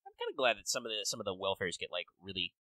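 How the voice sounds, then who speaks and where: A man co-hosting a podcast in casual chat, rambling and swearing with quick bursts of excitement. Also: lowish voice, no echo, poor audio. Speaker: podcast co-host.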